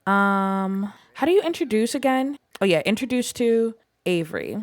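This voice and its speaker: A woman's voice: medium pitch, sing-song, normal speed, no room sound. A young woman giving casual gameplay commentary, chatting in a filler-heavy way and voicing what the game characters might be thinking. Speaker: gaming YouTuber.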